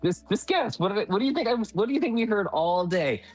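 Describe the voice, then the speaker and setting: A man's voice: high-pitched, lively intonation, fast talker, darkish tone, soft background music, poor audio. A man who teaches young children, telling classroom stories in casual chat with playful exaggeration. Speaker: school teacher.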